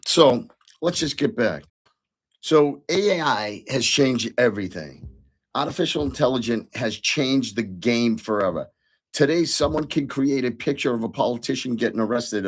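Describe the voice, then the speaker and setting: Middle-aged male host with a mid-pitched voice, rambling earnestly through a personal story. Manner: earnest, repeats himself, frequent ums and restarts. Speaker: podcast host. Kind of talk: casual storytelling monologue.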